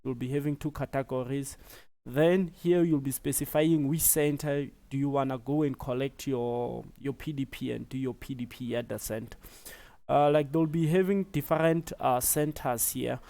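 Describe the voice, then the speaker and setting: A South African man giving a relaxed step-by-step tutorial, with many fillers as he explains. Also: mid-range voice, normal speed. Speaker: tutorial presenter. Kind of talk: screen-recorded tutorial.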